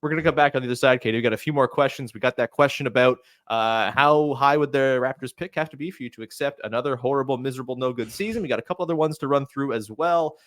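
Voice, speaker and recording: A man's voice: mid-range voice, fast talker, hardly any pauses, a bit bright, dry recording, studio quality. A man hosting a casual sports podcast, playful and jokey as he runs through listener questions. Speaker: podcast host.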